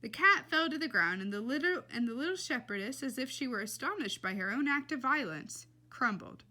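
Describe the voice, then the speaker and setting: A woman reading a children's novel aloud in a lively, expressive way. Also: high-pitched, fairly quick. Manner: lively and expressive, laughs between passages. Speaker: reader.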